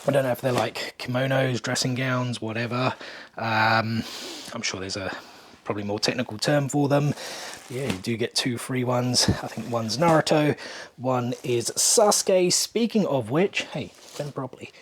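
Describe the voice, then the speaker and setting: A young man talks through a hotel room on a handheld camera, casual and chatty. He sounds excited and a little out of breath as he points things out. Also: mid-range voice, normal speed. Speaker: vlog host. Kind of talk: casual room-tour vlog.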